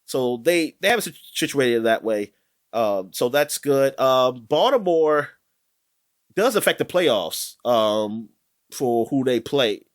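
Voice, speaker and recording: Animated rambling man, lively voice. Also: medium pitch, slow. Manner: rambling, animated, many fillers and restarts. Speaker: podcast co-host. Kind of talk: casual chat about sports.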